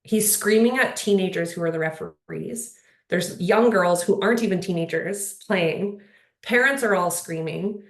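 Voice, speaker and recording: A woman's voice: fairly low pitch, normal speed. A woman speaking on a panel in casual conversation, earnest and rambling, with lots of "like" and "you know". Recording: roomy echo.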